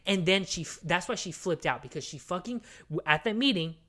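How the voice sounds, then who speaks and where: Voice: mid-range voice, animated, a little fast, a bit bright. A podcast co-host giving a long, rambling movie recap that is full of swearing, fillers and restarts. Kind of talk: casual podcast chat.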